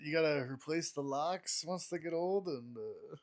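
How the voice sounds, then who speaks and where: A young man with a slightly high voice talks casually on a podcast. He laughs a lot and swears easily as he rambles through stories about friends and family. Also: normal speed. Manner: laughing, loose and profane storytelling. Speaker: podcast co-host. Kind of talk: casual chat.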